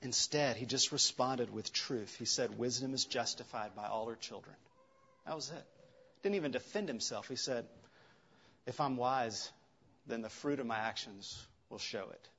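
A man preaching a sermon in an earnest way, rising for emphasis and dropping soft for tender lines. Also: medium pitch, normal speed, breathy edge, dull audio.

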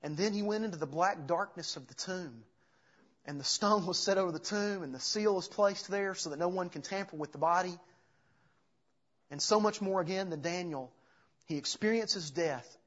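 A man's voice: high voice, normal speed, muffled recording. A man preaching a sermon, earnest, reading scripture aloud between his own explanations. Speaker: pastor.

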